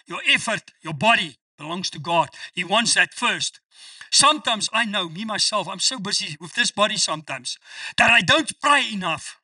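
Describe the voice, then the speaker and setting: A man preaching with a high, very lively voice that swoops up and down as he stresses his points. His tone is bright and sharp, and he sounds a little far from the mic in a dry space. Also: dry recording. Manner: emphatic preaching, quotes scripture with slow stressed delivery. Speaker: pastor. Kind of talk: sermon.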